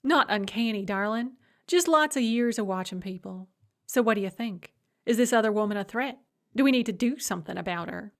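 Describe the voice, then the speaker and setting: A woman's voice: medium pitch, a little fast, natural voice. A woman narrating an audiobook, voicing a doting, shrewd old grandmother with a fond, drawling, teasing manner. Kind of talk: audiobook character voice.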